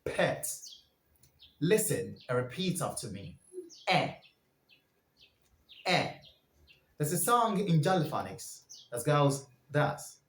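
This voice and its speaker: Man, pronunciation teacher, very slow drilling, lively pitch, echoey room. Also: a little hiss or hum. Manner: drills sounds for listeners to repeat.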